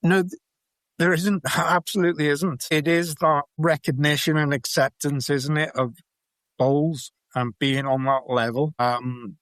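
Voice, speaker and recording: A man's voice: a little high, steady tone, a little slow, fairly bright tone, dry recording. Chatty Welsh man telling stories. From Wales. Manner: chatty, anecdotal, laughs while telling stories. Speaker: podcast guest, bowls player. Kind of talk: storytelling in a casual interview.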